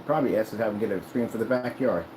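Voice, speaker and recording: A man's voice: fairly low pitch, racing, background noise. A man who makes screens and rants while he works, talking in a boastful, rambling, mocking way. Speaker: screen maker. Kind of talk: ranting vlog while working.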